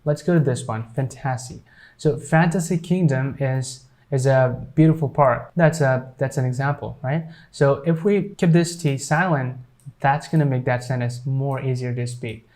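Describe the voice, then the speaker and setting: A man's voice: mid-range voice, unhurried, a little mellow. A man teaching English pronunciation, explaining with many fillers and repeating example sentences. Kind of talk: pronunciation lesson.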